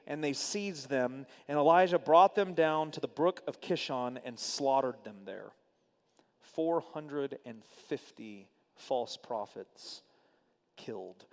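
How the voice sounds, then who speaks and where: A man teaching a Bible study in a church hall, reading scripture aloud with animated, casual asides to his group. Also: a little high, unhurried. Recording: long hall reverb.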